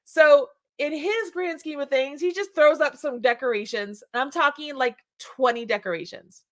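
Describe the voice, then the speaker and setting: A woman hosting a casual chat show, telling a story in an animated way and laughing often. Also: sits high, moderate pace. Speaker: show host. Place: home.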